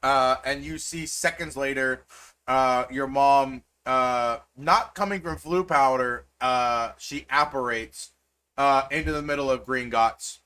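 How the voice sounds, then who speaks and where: A man's voice: medium pitch, slow pace, pushed and bright, smooth. A man narrating as game master in a tabletop game, rambling and full of fillers.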